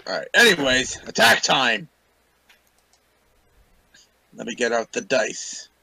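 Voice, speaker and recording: Casual male tabletop player, slow and searching, with a dry, close sound. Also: medium pitch, big pitch swings, gravelly, pushed and bright, slightly rough, dry recording. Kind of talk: casual tabletop game chat.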